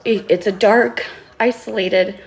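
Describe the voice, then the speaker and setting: A woman vlogging an impassioned, tearful monologue as an author, pleading earnestly and sometimes swearing, with halting restarts. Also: medium pitch, fairly even intonation, vocal fry. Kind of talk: emotional vlog monologue.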